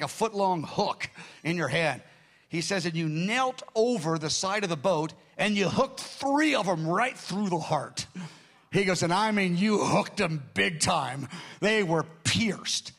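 Animated man telling a sermon story. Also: high voice. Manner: animated storytelling, acting out quotes with dramatic shifts in loudness. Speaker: pastor.

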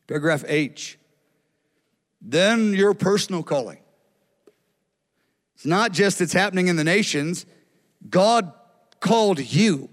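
A man with a high voice preaches to a gathering, telling stories with animated energy and acting out the lines of the people in them. His voice rings with the long reverb of a large hall. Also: a little slow, long pauses. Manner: animated storytelling, acts out quotes. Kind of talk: sermon.

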